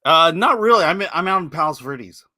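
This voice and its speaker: A man co-hosting a podcast remotely from his parents' house, relaxed and quick to laugh. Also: fairly high pitch, no room sound, clean studio sound. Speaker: podcast co-host. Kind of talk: casual show chat. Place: parents' house, blanket-lined room.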